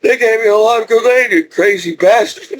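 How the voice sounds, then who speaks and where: Middle-aged man, high voice, loose rambling storyteller who laughs between lines. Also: sing-song, normal speed. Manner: rambling, repeats and restarts, laughs often. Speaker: veteran telling his story. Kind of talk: casual storytelling.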